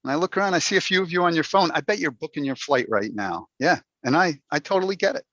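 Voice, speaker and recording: A man's voice: fairly high pitch, lively intonation, fast, pushed and bright, dry recording. A man giving a playful, humorous talk to a Toastmasters club over a video call, putting on mock dismay as he goes. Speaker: Toastmasters speaker. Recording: dull, dry video call audio.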